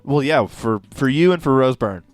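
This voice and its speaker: A man's voice: medium pitch, animated, moderate pace, dry recording, faint music behind. A man in his thirties chatting casually on a podcast, rambling and restarting his sentences with jokes. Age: 30s. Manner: rambling, self-interrupting, jokey. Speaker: podcast host. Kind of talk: casual chat.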